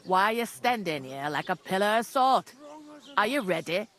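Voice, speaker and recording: An actress voicing a blunt, bossy village tavern keeper with a northern English accent and coarse rural dialect. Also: female voice, mid-range voice, expressive, moderate pace, fairly bright tone, lightly acted. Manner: bossy, scolding. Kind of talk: video game voice acting.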